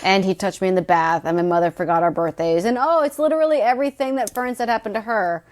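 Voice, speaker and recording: A woman's voice: mid-range voice, quick pace, a little mellow. A woman co-hosting a podcast, chatting casually about a book with blunt, sweary, sarcastic asides. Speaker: podcast co-host. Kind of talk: casual chat recapping a book.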